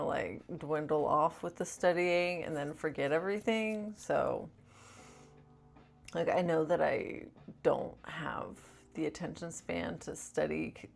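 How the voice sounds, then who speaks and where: Low, gravelly-voiced woman vlogging. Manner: rambling, chatty, many "like" fillers. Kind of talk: casual chat to camera.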